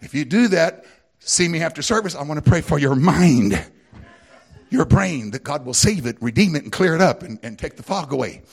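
A man with a Southern US twang preaching a lively sermon, laughing often and swinging from shouts to hushed asides. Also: fairly high pitch, normal speed, vocal fry, breathy edge. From American South.

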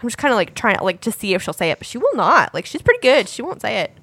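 A woman's voice: on the high side, fast, breathy edge, no echo. A woman in her thirties co-hosting a casual chat among moms, telling stories and acting out her children's voices. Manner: animated storyteller, acts out her kids' voices. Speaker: podcast co-host.

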